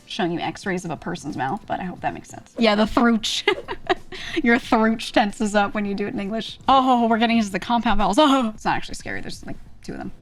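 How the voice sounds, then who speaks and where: Young woman streamer, casual teacher, chatty and giggly, mid-range voice. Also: medium pitch. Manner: chatty, laughs often, sounds out syllables. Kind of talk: casual live-stream lesson.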